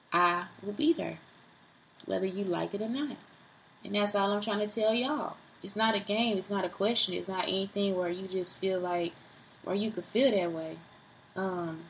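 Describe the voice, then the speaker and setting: A woman's voice: mid-range voice, fairly bright tone, slight background noise, low-quality recording. A woman vlogging, giving casual self-help talk straight to her viewers, rambling and repeating herself.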